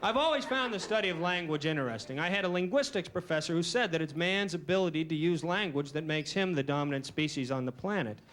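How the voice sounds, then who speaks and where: A man doing a stand-up comedy routine with a dry, deadpan, self-deprecating delivery. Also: fairly high pitch, fast talker, hardly any pauses, some chatter behind. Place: comedy stage before a live audience. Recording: noisy early 1990s VHS recording.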